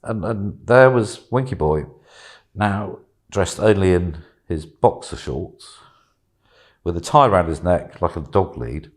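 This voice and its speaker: A British man chatting casually, telling an animated anecdote and acting out voices. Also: deep voice, unhurried. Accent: British English. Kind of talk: casual storytelling chat.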